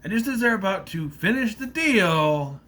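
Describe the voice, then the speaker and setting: A man's voice: high voice, lively intonation, moderate pace, bright, forceful tone. A man casually recapping a movie plot in a rambling, loose way, swearing freely as he goes.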